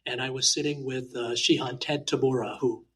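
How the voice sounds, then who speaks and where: A man from Hawaii, a martial arts teacher, chatting in an interview and telling lively anecdotes with frequent uh fillers. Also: medium pitch, normal speed, slightly rough, poor audio. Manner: animated, talkative anecdotes with many uh fillers. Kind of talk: casual interview storytelling.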